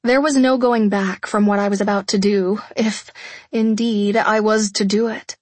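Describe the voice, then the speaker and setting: A young woman narrating a first-person romance audiobook in a soft, hushed, intimate voice, often close to a whisper. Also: medium pitch, steady tone, normal speed, dry recording.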